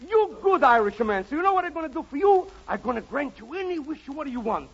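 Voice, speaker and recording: An actor playing a brisk, teasing magical wish-granter in 1940s radio comedy. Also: male voice, very high-pitched, big pitch swings, exaggerated voice. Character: fast-talking wish-granting magical man. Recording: noisy, muffled 1940s radio recording.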